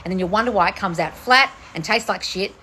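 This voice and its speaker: A woman's voice: quick pace, bright, forceful tone, a little hiss or hum. A woman manifestation coach answering viewer questions in a casual livestream, talking bluntly and swearing often while sitting outdoors. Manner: blunt, profane, swings between shrill bursts and low mutters.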